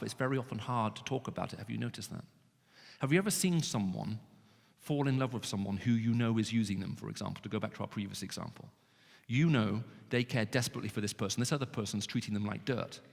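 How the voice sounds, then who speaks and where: Gravelly man preaching in a big hall. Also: medium pitch. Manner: expressive, rises sharply when pleading. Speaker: Christian speaker. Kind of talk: evangelistic talk to students. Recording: reverberant hall.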